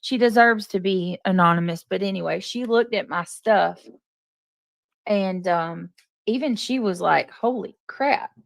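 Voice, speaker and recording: A woman's voice: mid-range voice, a little slow, creaky, no room sound. A woman chatting casually on a live stream, greeting viewers by name.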